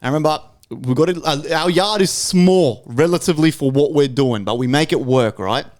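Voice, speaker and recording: Give me an Australian man with a slightly high voice, chatting on a podcast and telling an animated story. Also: moderate pace. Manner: animated storyteller, swears freely, tags lines with "right?". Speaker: podcast co-host. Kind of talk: casual chat, storytelling.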